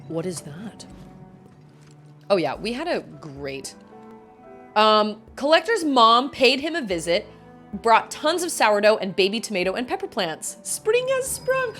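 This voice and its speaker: Animated woman streamer telling stories. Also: medium pitch, measured pace, long pauses, faint music behind. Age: 30s. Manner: animated, acts out quotes, lots of "like". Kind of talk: casual storytelling while gaming.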